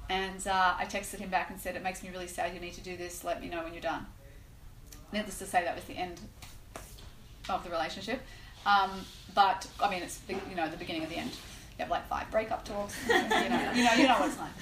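A woman teaching a class on prayer, telling a personal story in an animated way with lots of "like" and "right?". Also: lowish voice, fairly quick. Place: room with a live class. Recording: echoey room, faint noise.

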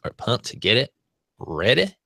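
A man's voice: mid-range voice, huge pitch swings, moderate pace, creaky, pushed and bright, dry recording, clean studio sound. An American man hosting a podcast, chatting casually and rambling with many restarts and fillers. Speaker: podcast host.

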